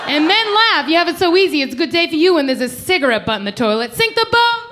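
Brash high-voiced woman doing stand-up. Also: fast, noisy background. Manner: brash, animated, acts out loud quoted voices. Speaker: stand-up comedian. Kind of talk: stand-up comedy set. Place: comedy club stage.

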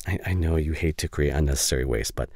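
A man voicing a caring young male best friend in a whispered role-play, speaking softly and haltingly with emotional reassurance. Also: rumbling low, no room sound, clean studio sound. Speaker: ASMR voice actor. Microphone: studio condenser mic.

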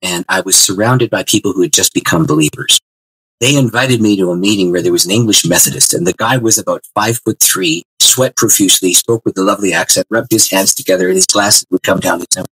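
Male interview guest, bright husky voice, animated storyteller with restarts. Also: sits low, quick pace, no echo, low-quality recording. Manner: animated testimony with many restarts. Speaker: guest author.

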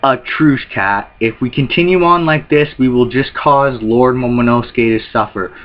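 A man reacting to a manga chapter, reading its dialogue aloud and switching into quick character voices between his own comments. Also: medium pitch, highs cut off. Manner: reads character lines in quick put-on voices between plain remarks.

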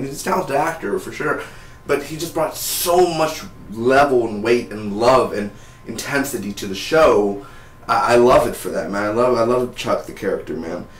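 A man talks through a TV episode in a casual, excited spoiler review. His voice sits at an ordinary middle pitch, and he keeps up a chatty flow full of "man" and "dude." The room around him is noticeably echoey. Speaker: TV show reviewer.

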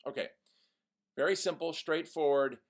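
A man teaching a poetry lesson to young students, animated and mock-ironic, reading example lines in a sing-song voice. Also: on the high side, moderate pace.

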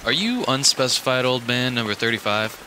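A man's voice: medium pitch, lively intonation, fairly quick, a little hiss or hum. A man playing a self-important lady detective. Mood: brisk. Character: overconfident woman private eye, brisk. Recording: loud music underneath.

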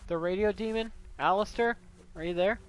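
A man's voice: high-pitched, moderate pace, a little hiss or hum. A man streaming a horror game, speaking as a frightened little child in a whiny, childlike voice and crying out when startled. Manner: whiny childlike voice, playing as a scared toddler; jumpy, cries out in fright. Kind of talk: let's play commentary.

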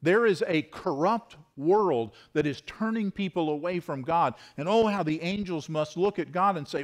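A man's voice: a little high, normal speed, hardly any pauses. A male pastor preaching an expository sermon, reading scripture aloud and acting out quoted voices. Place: church sanctuary.

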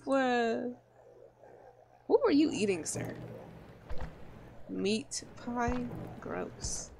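A woman's voice: on the high side, lively intonation, extremely slow, gravelly, pauses often, darkish tone, slight background noise. A woman playing a game and reacting aloud with crude jokes as she goes. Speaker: gamer. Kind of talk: let's play commentary.

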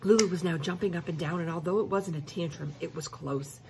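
A woman reading a children's book aloud expressively, pausing to explain the story to listeners. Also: lowish voice, vocal fry, heavy background noise. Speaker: reader.

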